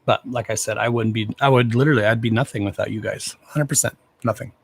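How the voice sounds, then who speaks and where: A man's voice: fairly low pitch, fairly even intonation, fast, creaky, husky. A man hosting a casual livestream, talking to his viewers bluntly and with lots of swearing while gushing over them. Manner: blunt, profane, affectionate toward viewers. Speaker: livestream host.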